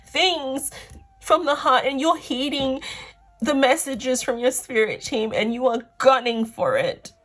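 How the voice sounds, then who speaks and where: A fairly high-voiced woman reads tarot cards for her viewers in a gushing, effusive way. She is tearful and emotional and keeps heaping praise on them. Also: fairly bright tone. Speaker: tarot reader. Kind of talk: pick-a-card tarot reading.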